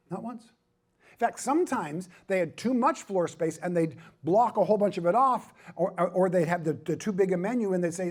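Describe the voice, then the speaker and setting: Husky, higher-pitched man speaking at a conference. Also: fairly quick. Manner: self-deprecating, joking asides, emphatic repetition. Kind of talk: humorous conference talk.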